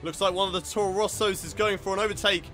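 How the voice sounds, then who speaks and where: A man's voice: high voice, fairly even intonation, quick pace, sharp tone, soft background music. A young man commentating live on his own racing game, getting frustrated and swearing at it. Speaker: gaming video host.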